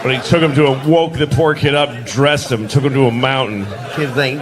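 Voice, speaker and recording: A man's voice: mid-range voice, moderate pace, few pauses, a crowd in the background. A male stand-up comedian performing a set, mock-outraged and acting out characters. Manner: animated, mock-outraged, acts out voices. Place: comedy stage. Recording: live club with audience laughter.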